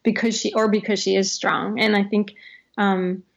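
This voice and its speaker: A woman's voice: medium pitch, level tone, moderate pace, gravelly, highs cut off. A woman in her thirties, an author being interviewed, talking reflectively with many "like"s and restarts, often laughing. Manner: heavy use of "like", frequent restarts, laughs often. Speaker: author guest.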